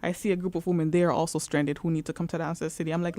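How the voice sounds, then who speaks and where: A woman's voice: sits low, level tone, racing, warm tone, dry recording. A woman co-hosting a radio show, telling a comic story with vivid, dramatic delivery.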